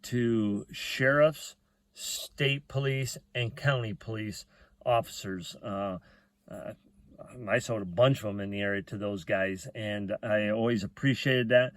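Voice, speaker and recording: A man's voice: lowish voice, fairly even intonation, measured pace, no room sound. A middle-aged man telling a personal story in a rambling, folksy way, with plain talk and lots of "uh" fillers.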